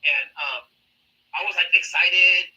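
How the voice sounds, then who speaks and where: A man's voice: high-pitched, steady tone, a little slow, bright, forceful tone. A man calling in to a live show, talking in a chatty, emphatic and rambling way. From Oregon. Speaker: caller. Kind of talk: casual phone-in chat. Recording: distant tinny phone line.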